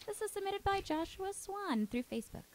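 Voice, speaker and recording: Lively woman reading listener questions. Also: very high-pitched, moderate pace, no room sound. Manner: reads questions, playful teasing. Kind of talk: casual podcast chat.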